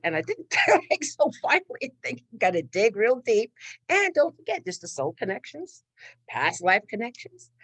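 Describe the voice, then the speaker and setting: A woman's voice: high voice, a bit bright, no echo. A middle-aged woman giving a spiritual talk, laughing often and acting out inner voices. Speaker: spiritual teacher.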